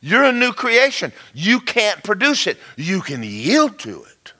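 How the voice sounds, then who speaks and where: A man preaching to a congregation, with a bright, forceful voice pitched a little high. He swings between loud emphatic lines and low, quiet asides, acting out folksy little dialogues as he goes. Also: huge pitch swings, measured pace. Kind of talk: sermon.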